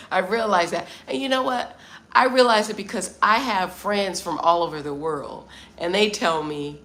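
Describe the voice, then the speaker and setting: A woman's voice: on the low side, expressive, normal speed, fairly bright tone. A middle-aged American woman hosting a casual livestream from Vietnam, chatting and answering viewers' comments. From United States. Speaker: livestream host.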